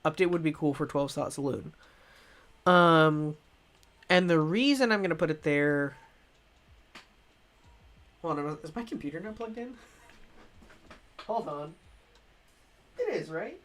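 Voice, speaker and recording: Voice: mid-range voice, lively intonation, measured pace, long pauses, a bit bright. Rambling, slightly stuffy game streamer. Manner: rambling and self-correcting, with frequent restarts and laughs. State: slightly stuffy, coming down with a cold. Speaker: streamer reviewing games. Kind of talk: casual live-stream chat.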